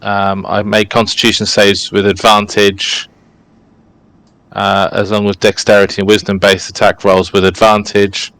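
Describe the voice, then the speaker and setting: A man's voice: lowish voice, completely flat delivery, a little slow, fairly bright tone, rough recording. A man playing a tabletop role-playing game, methodically counting out his moves and reading his abilities aloud. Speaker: player. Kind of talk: casual tabletop game play.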